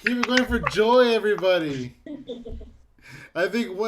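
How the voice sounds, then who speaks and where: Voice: mid-range voice, expressive. A host of an online comedy show, bantering and laughing after a set. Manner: laughing, unhurried. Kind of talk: casual hosting banter. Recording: crowd chatter behind.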